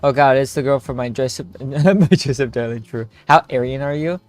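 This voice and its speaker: A man's voice: mid-range voice, normal speed, darkish tone. A young man streaming a story game with friends, joking, laughing and rambling in casual chat. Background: faint game music.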